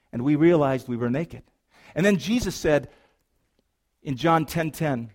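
A middle-aged man, pastor of the church, gives a sermon in the sanctuary with a slightly high voice at a moderate pace. He swings between lively storytelling and soft, earnest reflection.

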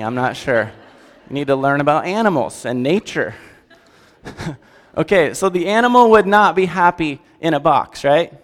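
Conversational man preaching in a reverberant hall. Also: on the high side. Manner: conversational, animated, asks the audience questions. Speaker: pastor. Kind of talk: sermon with audience interaction.

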